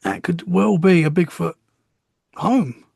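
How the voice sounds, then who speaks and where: A man's voice: high-pitched, slow pace, vocal fry, darkish tone. A man hosting a casual podcast chat, reacting with short enthusiastic words and often saying "man". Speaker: podcast host.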